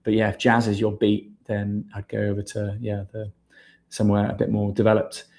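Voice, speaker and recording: A man hosts a livestream in a loose, chatty way, often tossing in "mate". His voice sits low and dark, with a flat, even delivery that rarely rises. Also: moderate pace. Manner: relaxed, chatty, addresses viewers as mate. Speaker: livestream host. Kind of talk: casual livestream chat reading viewer questions.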